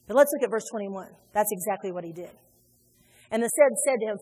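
A woman's voice: mid-range voice, animated, fairly quick, mellow, breathy edge, soft background music. A woman preaching a sermon in a church, emphatic, acting out the people she quotes. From Indiana. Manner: emphatic, acts out quoted voices. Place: church sanctuary. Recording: long hall reverb.

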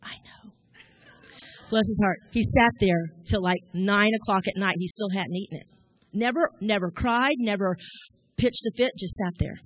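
A woman's voice: mid-range voice, normal speed. A middle-aged woman, giving a sermon in a folksy, storytelling way. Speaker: church speaker.

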